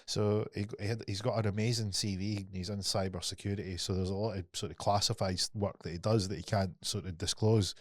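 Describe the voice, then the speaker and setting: A man hosting a podcast, telling a story in a casual, animated way, swearing freely and acting out what people said. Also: fairly low pitch, fairly quick, hardly any pauses, no room sound. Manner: animated storyteller, swears often, acts out quotes. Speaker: podcast host.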